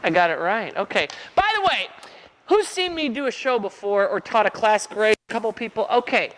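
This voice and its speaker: A man's voice: high-pitched, animated, normal speed, fairly bright tone. A man performing as a children's magician, playfully joking with and rousing a live audience of kids. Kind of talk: live kids' magic show patter.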